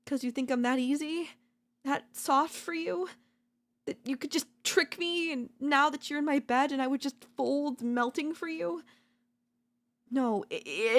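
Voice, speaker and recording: A woman voicing a possessive, doting yandere girlfriend in a whispered role-play, talking softly and slowly at a close mic. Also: high-pitched. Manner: soft, possessive, doting, slow and lingering. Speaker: voice actor.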